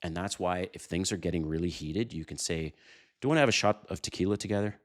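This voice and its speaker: A man hosting a dating advice channel, talking casually and animatedly to viewers, telling quick stories and chuckling. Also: low-pitched. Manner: animated storytelling, chuckles, addresses viewers directly. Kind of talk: casual advice monologue to camera.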